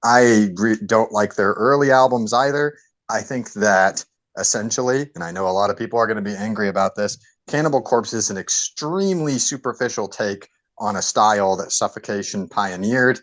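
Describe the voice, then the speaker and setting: A man on a podcast giving his opinions in a measured, deliberate way. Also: on the low side, fairly bright tone. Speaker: podcast co-host. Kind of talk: casual podcast discussion.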